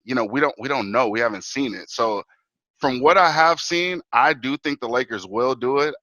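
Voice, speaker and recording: Male guest, lively fan talk, bright voice, dry close mic. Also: mid-range voice, moderate pace, no echo, lo-fi sound. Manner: animated, fan talk full of "bro" and "man". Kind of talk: casual sports talk.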